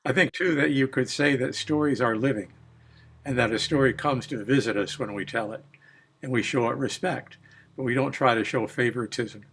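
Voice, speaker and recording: An older man who is a storyteller, talking calmly and briefly as he guides a webinar over a video call. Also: mid-range voice, normal speed, slightly rough. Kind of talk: casual webinar talk.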